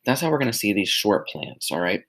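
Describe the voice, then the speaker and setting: A man teacher narrates a recorded slide lecture in a fairly low voice. He explains with simple everyday comparisons and checks in often with "all right?". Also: sing-song, fairly quick, fairly bright tone, slightly rough, rough recording.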